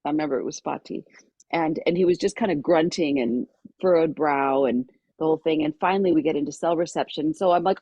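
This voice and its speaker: A middle-aged woman guest on a podcast, telling a personal story with lively energy and acting out the voices of people in it. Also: low-pitched, fairly quick, breathy edge, dry recording. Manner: lively storyteller who acts out quoted voices.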